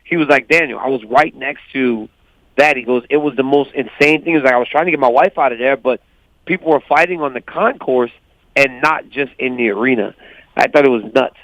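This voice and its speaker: A man calling in as a guest fighter, telling stories animatedly and quoting others in lively voices. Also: medium pitch, a little fast, dry recording. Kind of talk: casual phone interview. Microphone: phone call. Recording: dull lo-fi phone line.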